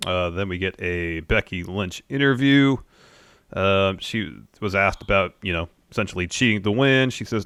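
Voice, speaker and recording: A man's voice: sits low, moderate pace, clean tone, dry recording, clean studio sound. A man co-hosting a podcast, methodically retelling a wrestling show's events step by step. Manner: steady, methodical retelling with fillers. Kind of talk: play-by-play recap.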